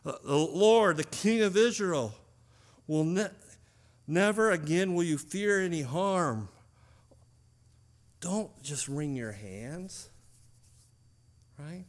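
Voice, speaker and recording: Preaching man, shifting loud to soft. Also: a little high, expressive, slow, long pauses. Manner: conversational with fillers and restarts. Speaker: pastor. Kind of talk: sermon.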